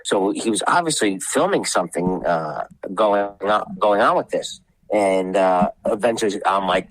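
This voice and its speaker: A deep-voiced man speaks at a normal pace with a fairly bright tone, captured in a dry, low-quality recording. He's a wrestling promoter appearing as a podcast guest, rambling through backstage stories, acting out the people he quotes and swearing now and then.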